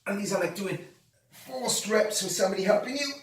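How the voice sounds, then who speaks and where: Guy doing a home workout vid, kinda high voice, out of breath, echoey room far from the mic. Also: animated, brisk. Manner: talks while exercising, breathless groans between reps. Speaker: fitness coach.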